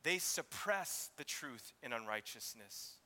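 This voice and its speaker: Man, sermon, explaining scripture, bright voice, long hall reverb. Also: mid-range voice, expressive, slow pace. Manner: expository preaching, acts out mocking voices. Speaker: pastor.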